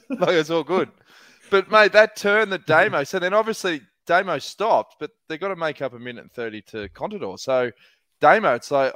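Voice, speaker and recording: A man on a cycling podcast, telling a heated team-car story in excitable, sweary casual chat. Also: on the high side, normal speed, dry recording. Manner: excitable and sweary, laughs often. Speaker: podcast co-host.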